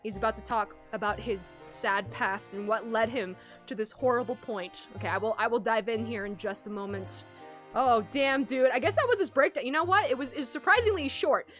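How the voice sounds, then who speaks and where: Woman streamer, excitable slangy chatter, high voice, game music faintly behind. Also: a little fast. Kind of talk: casual game commentary.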